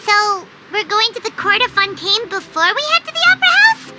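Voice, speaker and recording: A woman voicing a tiny excitable female companion sprite who chirps and speaks of herself in the third person, in a game. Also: very high-pitched, brisk. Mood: eager. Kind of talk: game voice acting. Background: game music.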